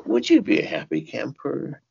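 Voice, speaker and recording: An older man giving an interview, cursing freely and telling stories in an animated way, his voice jumping into sudden high shouts and laughs. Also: moderate pace, vocal fry, muffled recording, a little hiss or hum. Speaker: interview guest. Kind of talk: casual interview talk.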